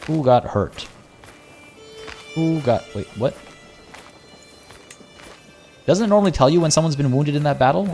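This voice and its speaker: Male streamer, mid-pitched, chatty commentary with dry gloating asides, faint music underneath. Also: darkish tone. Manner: chatty, wry, mock-villainous asides. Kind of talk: casual live gameplay commentary.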